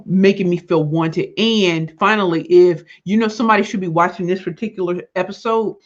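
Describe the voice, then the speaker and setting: A man with a fairly high voice hosts his own livestream and closes the show with heartfelt thanks to his viewers, reading their comments aloud. He talks while in pain from a swollen face. The audio is dull and lo-fi. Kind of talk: emotional livestream sign-off.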